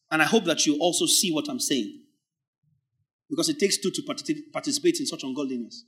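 High-voiced preacher, swings loud to hushed. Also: male voice. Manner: emphatic, drawn-out words, sudden swings from loud to hushed; acts out imagined church members in quoted asides. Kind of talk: sermon.

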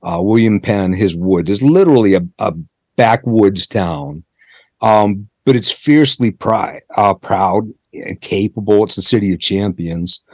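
A man from the Pittsburgh area talks at length as an interview guest, spinning anecdotes full of asides and self-corrections. His voice sits fairly low. The sound is dry and close, with no room around it. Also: unhurried, no room sound. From Pittsburgh area, United States. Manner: chatty storyteller, many asides and restarts. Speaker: author guest. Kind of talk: conversational interview.

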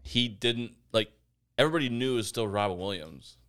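A man's voice: fairly low pitch, a little fast, a bit bright. A man co-hosting a casual podcast who laughs often, teases his partner and swears. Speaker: podcast co-host.

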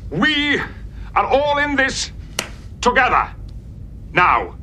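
An actor playing a commanding starship captain in a TV drama, speaking with emphatic, theatrical force. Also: male voice, very high voice, huge pitch swings, takes it slowly, sharp tone, slight background noise, full character voice. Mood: urgent. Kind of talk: TV drama acting.

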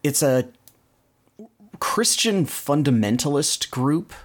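A man's voice: a little high, expressive, slow. A man hosting a podcast, casually recounting cartoon plots in detail. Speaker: podcast host. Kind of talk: casual cartoon recap chat.

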